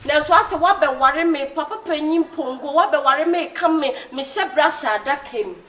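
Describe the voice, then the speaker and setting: A woman's voice: high voice, brisk, fairly bright tone, distant mic. A woman acting in a comedy skit, boastful and talkative.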